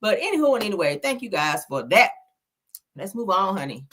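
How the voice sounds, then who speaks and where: A woman's voice: mid-range voice, very animated, brisk, fairly bright tone. A woman giving casual, blunt celebrity gossip commentary, sassy and profane, laughing often.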